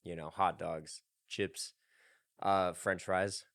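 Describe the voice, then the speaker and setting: A man's voice: low voice, level tone, takes it slowly, a bit bright, no echo, clean studio sound. A young man hosting a podcast, rambling casually with lots of laughter. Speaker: podcast host. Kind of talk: casual chat.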